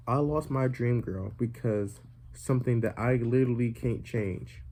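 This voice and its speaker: A young man spins a comedic storytime for his viewers, his voice dark and mellow. He rambles, piles on fillers and slips in deadpan jokes as he goes. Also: mid-range voice, measured pace, a little hiss or hum. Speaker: vlogger.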